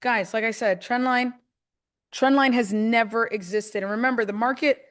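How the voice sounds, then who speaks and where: A woman hosting a live stream, chatty and excitable, talking viewers through a trading demo step by step. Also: on the high side, moderate pace. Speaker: host.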